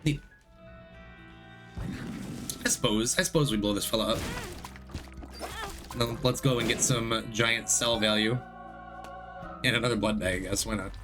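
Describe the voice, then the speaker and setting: A man's voice: on the low side, normal speed, pauses often. Rambling male streamer over game music. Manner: rambling, self-correcting, chatty with viewers. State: recovering from illness. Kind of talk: casual gameplay commentary.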